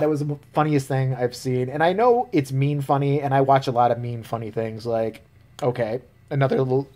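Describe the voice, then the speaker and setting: A vlogger ranting casually to camera in a profane, animated way, laughing often. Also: medium pitch.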